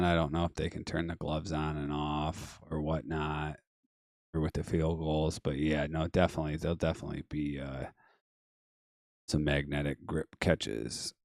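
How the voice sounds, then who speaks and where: A man with a very deep voice runs a casual live-stream show, rambling through viewer comments in an offhand way. His voice is going hoarse. The sound is dry and close, with no room echo. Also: a little mellow. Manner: rambling, offhand, many fillers and trailing asides. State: losing his voice.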